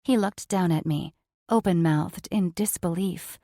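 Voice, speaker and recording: A woman narrates a first-person romance audiobook in a smooth, even way. Her voice sits a little low, and the close mic gives a dry sound with no room around it. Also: unhurried, no echo.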